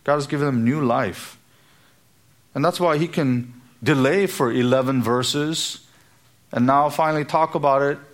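A man's voice: medium pitch, measured pace, pauses often. A man preaching an expository sermon, walking through a Bible passage and acting out everyday speech in quoted asides. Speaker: pastor.

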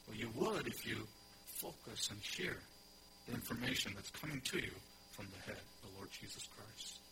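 A man's voice: fairly low pitch, expressive, moderate pace, noisy background. A pastor preaching to a congregation, explaining scripture verse by verse, repeating key phrases for emphasis and putting questions to his listeners. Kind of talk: expository sermon teaching.

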